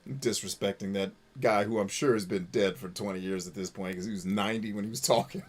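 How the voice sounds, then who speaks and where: A man's voice: fairly low pitch, fairly even intonation, fast, a little hiss or hum. A man hosting a live game stream, chatting with viewers in a profane, joking, self-mocking way. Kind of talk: live gameplay commentary reading chat.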